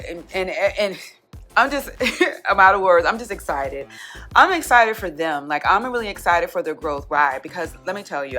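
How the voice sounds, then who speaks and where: A woman teacher talks to her viewers in a bright, forceful voice that sits a little low. She is excited and chatty, often starting sentences over. Faint music plays underneath. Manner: excited, chatty, full of restarts. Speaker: kindergarten teacher. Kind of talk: casual vlog chat.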